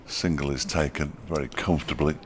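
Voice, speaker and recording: A man in middle age commentates on cricket ball by ball, his voice sitting extremely low. He slips in dry, wry remarks between deliveries, over faint ambience from the ground. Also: fairly even intonation, fairly quick, slight background noise.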